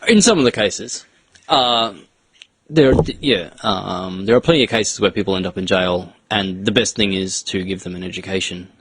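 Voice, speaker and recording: A man's voice: deep voice, normal speed, fairly bright tone, breathy edge, no room sound. A man co-hosting a casual podcast chat, joking and laughing through the banter.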